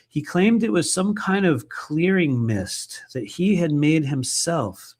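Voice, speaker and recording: A man's voice: on the high side, big pitch swings, measured pace, few pauses. A man reading aloud from his own book and breaking off into loose, conversational asides, swearing freely. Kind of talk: live book reading with casual commentary.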